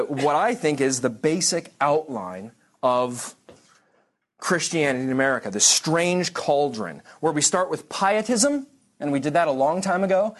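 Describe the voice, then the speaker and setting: Conversational man lecturing on church history. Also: on the high side. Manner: conversational, digressive, restarts and dry asides.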